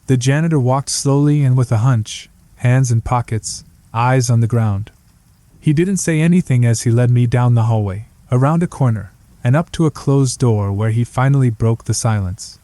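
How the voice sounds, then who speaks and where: A man's voice: medium pitch, normal speed, mellow, dry recording. A man narrating a first-person horror story in a gritty, hard-boiled detective manner.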